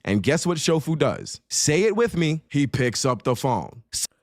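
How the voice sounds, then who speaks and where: A man's voice: on the high side, sing-song, unhurried, no echo, clean studio sound. A man in his thirties telling an angry, profane story and mocking other people by acting out their lines.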